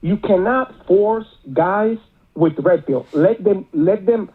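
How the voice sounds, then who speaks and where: A man's voice: sits high, takes it slowly, slightly rough. A male caller, rambling with many filler words, heard over a phone line. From Miami area.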